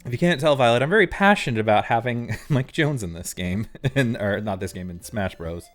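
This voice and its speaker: Excitable male game streamer. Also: medium pitch, a little fast, faint music behind. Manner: excitable, rambling, laughs often. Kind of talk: casual live-stream commentary.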